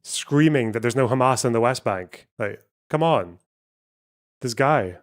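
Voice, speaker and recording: A man's voice: medium pitch, animated, a little slow. A man hosting a live stream, answering questions and commenting bluntly with frequent swearing and filler words. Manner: blunt, swears often, thinks aloud with fillers. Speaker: streamer host.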